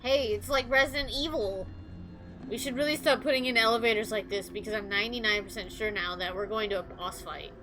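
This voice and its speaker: A woman's voice: a little high, steady tone, a little fast, fairly bright tone, a little hiss or hum, poor audio. A young woman streaming a video game, rambling through casual commentary and anecdotes and swearing freely.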